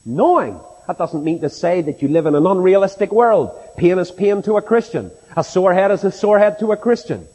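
A man's voice: high-pitched, brisk, hardly any pauses, warm tone. A middle-aged man with a Northern Irish accent preaching a sermon in a church, impassioned and rhetorical, mimicking his doubters. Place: church with a long reverb. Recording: reverberant church hall.

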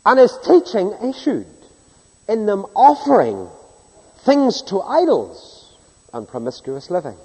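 A man preaching a sermon in a large hall with a long, ringing reverb. His voice is dark and a little husky, and his pitch jumps around a lot as he acts out the people in his stories. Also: sing-song, measured pace. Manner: storytelling, mimics people in anecdotes, swings from hushed to loud.

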